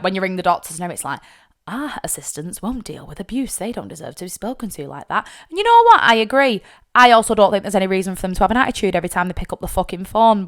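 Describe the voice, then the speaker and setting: A young woman speaking with a smooth, clear voice set fairly low. She talks bluntly, swears freely and sounds tearful at times as she tells a personal story on her podcast. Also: a bit bright. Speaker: podcast host.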